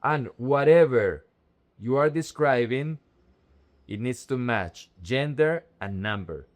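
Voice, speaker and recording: Slow, careful male Spanish teacher. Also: medium pitch, lively intonation. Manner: slow, careful, repeating words for pronunciation. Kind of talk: language lesson.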